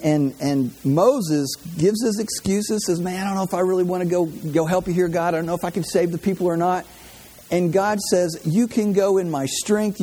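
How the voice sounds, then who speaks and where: A man's voice: a little high, warm tone, breathy edge. A man teaching a Bible class in a casual sermon style, talking conversationally, repeating himself and asking his listeners questions. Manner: conversational, repeats words and restarts, asks the audience questions. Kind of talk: informal sermon.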